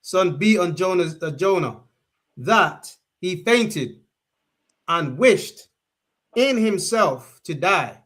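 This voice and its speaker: A man reads scripture aloud in a Bible study, stumbling over words and filling gaps with ums. He goes slowly, in a fairly high voice. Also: expressive, fairly bright tone. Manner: halting, stumbling reading with fillers. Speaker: scripture reader.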